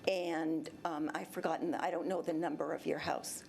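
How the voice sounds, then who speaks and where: Her deep, gravelly, slightly mellow voice moves at a moderate pace with fairly even intonation, against slight background noise. The seventies-aged resident tells a city council chamber her personal complaint during public comment, rambling and acting out both sides of past exchanges.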